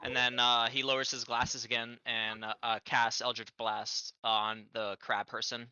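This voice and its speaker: Brief: male player, very bright and crisp, dry close sound, eager. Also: mid-range voice, flat delivery, unhurried, no room sound, lo-fi sound. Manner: eager, argues rules. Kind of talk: casual tabletop play.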